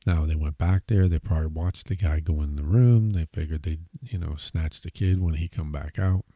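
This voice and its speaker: A man's voice: a bass voice, moderate pace, mellow, no room sound. A man hosting a podcast, rambling casually through a musing monologue full of fillers and asides. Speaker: podcast host.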